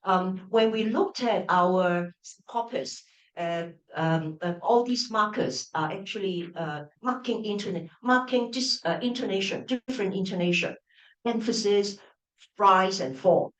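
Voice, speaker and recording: A middle-aged woman, a university professor, gives an open-day lecture in an echoey lecture room, often restarting phrases and checking in with "right?" and "all right?". Her mid-range voice is a little slow and recorded from a distance.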